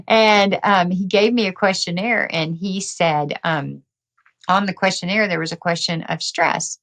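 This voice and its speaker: A middle-aged woman telling her story as a podcast guest, energetic and quick to laugh. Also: fairly low pitch. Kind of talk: casual interview talk.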